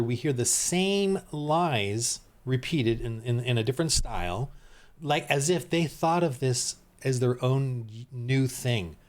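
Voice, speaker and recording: A middle-aged man giving heated, rambling reaction commentary as a Christian commentator, often restarting his sentences. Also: medium pitch.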